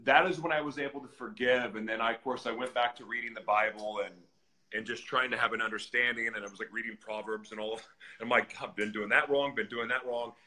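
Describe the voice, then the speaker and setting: A man speaks as a guest on a live podcast, candid and earnest as he tells his own story. His voice is bright and forceful, and he leans hard into the retelling. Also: medium pitch, fast, poor audio. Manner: earnest, animated, acts out shouted voices in retelling. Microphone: live stream, reads comments on screen.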